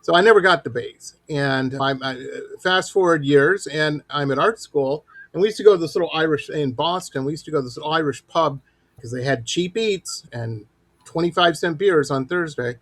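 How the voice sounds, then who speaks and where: A middle-aged man hosting a show and telling stories in a lively, animated way. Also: on the high side, moderate pace, no echo. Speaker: host. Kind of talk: casual storytelling.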